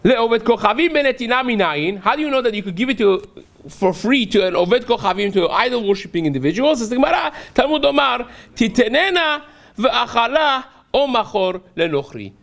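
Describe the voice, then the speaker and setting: A man's voice: very high-pitched, animated, fast talker, vocal fry, a bit bright. A man, a rabbi teaching a daily Talmud class, who reads a phrase aloud, then explains it step by step and keeps checking in with a rhetorical "right?".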